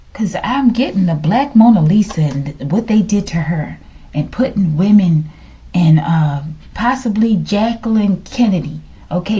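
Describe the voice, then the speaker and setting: A woman's voice: medium pitch, warm tone. A middle-aged woman giving a casual tarot reading, musing aloud, questioning the cards and sometimes dropping to a whisper. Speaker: tarot reader.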